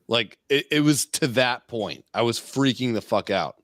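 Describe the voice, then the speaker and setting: A man's voice: medium pitch, expressive, normal speed, few pauses, fairly bright tone, no room sound, studio quality. A man co-hosting a casual live podcast, telling crude stories in a rambling way with laughs. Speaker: podcast co-host. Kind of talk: casual chat.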